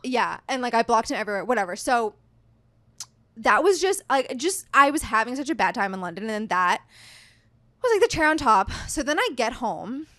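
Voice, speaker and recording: A chatty woman in her thirties tells a story as a podcast guest, her voice sitting a little high. She talks in an animated rush, filling her sentences with "like." The sound is close and dry, with no room around it. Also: a little fast, no room sound. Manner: chatty, heavy use of "like", animated retelling. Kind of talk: casual storytelling chat.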